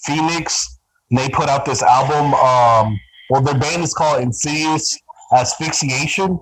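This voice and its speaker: A man's voice: mid-range voice, unhurried, slight background noise, rough recording. A man who is a band member and guest on a podcast, talking in casual chat with enthusiastic, slangy praise.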